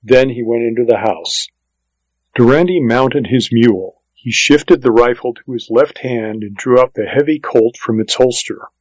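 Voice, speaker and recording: A man giving scripted audiobook narration in a steady, even storytelling delivery. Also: medium pitch, unhurried, dry recording, low-quality recording.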